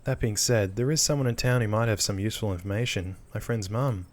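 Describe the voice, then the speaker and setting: A man's voice: on the low side, brisk, close to an everyday voice. A man reading a wry, blunt young woman companion. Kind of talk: reading game dialogue aloud.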